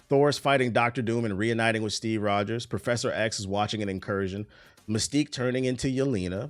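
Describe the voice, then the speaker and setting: A man streaming casually, reading entertainment news aloud and breaking off into profane, laughing asides. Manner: profane, laughing asides, excitable pitch jumps.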